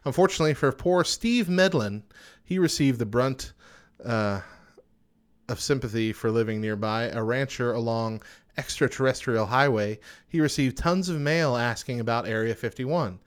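A man's voice: medium pitch, normal speed, smooth. A young man hosting a casual chat show, reading out odd news items and joking about them. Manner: reads facts aloud then jokes. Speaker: podcast host.

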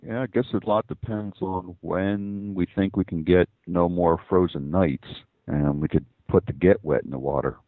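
A man with a very deep, dry voice, co-hosting in casual chat. His remarks come out dry and unhurried. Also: fairly even intonation, dry recording, phone-quality sound. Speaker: podcast co-host.

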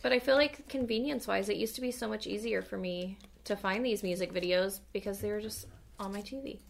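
A woman co-hosting a podcast in casual chat, emphatic and animated, tripping over words when fired up. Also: mid-range voice, creaky, a little hiss or hum. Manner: animated, emphatic, quick asides, stutters when worked up. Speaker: podcast co-host.

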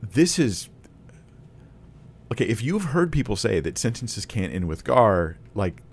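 A man's voice: on the low side, very animated, unhurried, breathy edge. A man teaching a Bible lesson to camera in a casual, conversational way, thinking aloud with restarts and small laughs.

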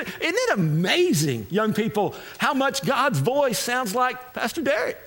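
High-pitched preacher man from Texas. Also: very animated, unhurried, few pauses. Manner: swings from shouted exhortation to quiet confiding tones, repetitive refrains. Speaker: guest preacher. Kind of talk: sermon. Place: church sanctuary with congregation.

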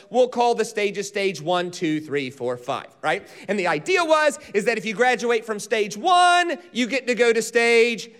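Animated high-voiced male preacher. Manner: animated teaching, leads congregation in call-and-response. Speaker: pastor. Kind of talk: sermon. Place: church auditorium.

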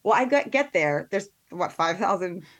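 A woman, a podcast guest, chatting casually and telling a story with quick asides and quoted thoughts. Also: mid-range voice, lively intonation, muffled recording. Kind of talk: casual chat.

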